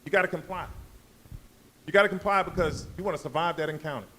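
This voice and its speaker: A man with a slightly raised pitch argues his point emphatically during a live debate. His voice is insistent, with a faint hum of ambient noise beneath it. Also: quick pace, pushed and bright, low-quality recording. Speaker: debate panelist.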